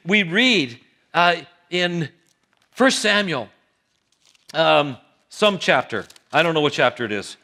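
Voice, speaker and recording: In church, a high-pitched male pastor preaches a sermon, telling a Bible story animatedly and acting out its characters.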